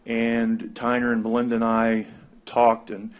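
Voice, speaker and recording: A man speaking as a county commissioner at a public meeting, halting with many fillers as he makes a motion. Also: medium pitch, completely flat delivery. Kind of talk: formal meeting remarks. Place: government meeting.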